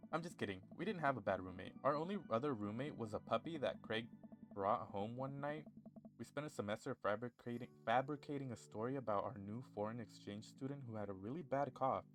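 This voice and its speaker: A man playing through a story game, reading its dialogue aloud in an animated, jokey way and switching between character voices. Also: mid-range voice, brisk, faint music behind. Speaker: gaming YouTuber.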